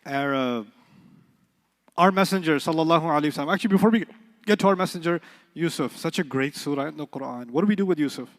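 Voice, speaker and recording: A man teaching an Arabic class in a lively, playful way, joking and quizzing his students. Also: on the high side, quick pace. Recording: long hall reverb.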